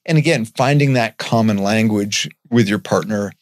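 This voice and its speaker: A man talking earnestly in a casual podcast conversation, getting animated and swearing now and then. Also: lowish voice, normal speed, no echo, clean studio sound.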